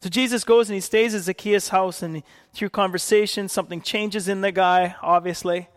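High-voiced man preaching in a hall. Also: steady tone, normal speed. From Canada. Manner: storytelling with frequent laughs and acted-out quotes. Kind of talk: sermon.

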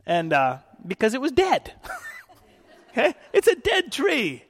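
A man from Canada preaches a sermon, telling stories with frequent laughs and acted-out quotes. His voice sits high for a man. The sound rings with a long hall reverb. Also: wildly swooping pitch, unhurried.

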